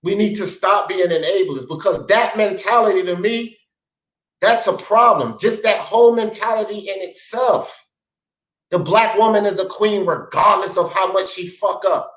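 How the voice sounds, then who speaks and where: A man's voice: high voice, moderate pace, a bit bright, roomy sound, low-quality recording. A man hosting a talk show, ranting bluntly and profanely in heated commentary. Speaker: sports talk show host.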